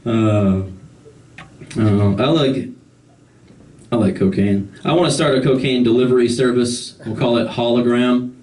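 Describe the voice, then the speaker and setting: A man's voice: medium pitch, moderate pace, long pauses, a little mellow, recorded from a distance, a little hiss or hum. A man doing a stand-up set, telling loose, rambling stories full of fillers, recorded live in a comedy club with the audience laughing. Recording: live club recording from the room, crowd audible.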